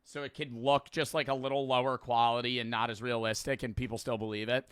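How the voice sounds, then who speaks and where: Bright, crisp young male streamer. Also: medium pitch, flat delivery, fast talker, slight background noise. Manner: blunt, swears freely, jokey. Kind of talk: casual reaction commentary.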